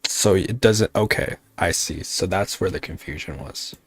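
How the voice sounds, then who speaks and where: A male VTuber streamer, voice sitting low at normal speed, plays a modded game on a casual livestream. He grumbles at the game, replies to his chat, and lets the occasional swear word slip.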